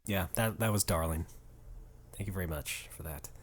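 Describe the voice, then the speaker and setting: A man's voice: low-pitched, normal speed, no room sound. A man co-hosting a podcast in casual, wry, understated chat. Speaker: podcast co-host.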